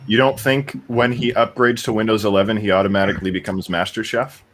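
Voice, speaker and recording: A man's voice: on the low side, level tone, brisk. A man co-hosting a casual podcast, steering the talk with curious questions. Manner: curious, asks lots of questions. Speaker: podcast co-host. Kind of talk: casual chat.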